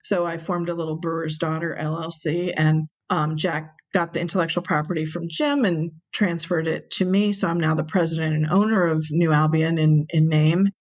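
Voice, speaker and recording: A woman being interviewed, telling a long story in a relaxed, chatty way. Her voice sits a little low, and she livens up whenever she acts out what others said. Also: moderate pace, few pauses. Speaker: interview guest, brewery owner.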